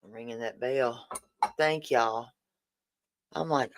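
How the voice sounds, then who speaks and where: A woman's voice: very deep voice, slow, very noisy. A woman, chatting casually and emotionally on a livestream as host, thanking her viewers again and again. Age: 40s. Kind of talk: casual livestream fundraiser chat.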